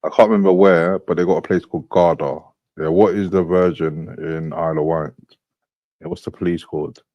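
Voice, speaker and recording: A man's voice: sits low, fairly even intonation, fairly quick, no room sound, highs cut off. A man chatting casually, curious and asking question after question. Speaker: podcast co-host. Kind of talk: casual banter.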